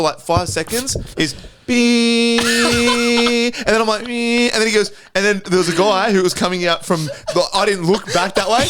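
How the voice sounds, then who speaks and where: Animated, foul-mouthed guy. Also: high voice. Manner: animated storyteller, swears a lot, acts out shouting. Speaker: podcast host. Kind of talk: casual chat, storytelling.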